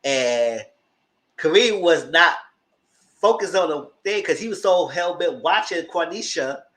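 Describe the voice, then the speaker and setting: Animated chatty TV recapper. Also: unhurried. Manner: animated, acts out characters in squealing high voices; laughs through the story. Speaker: TV show reviewer. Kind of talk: casual TV recap.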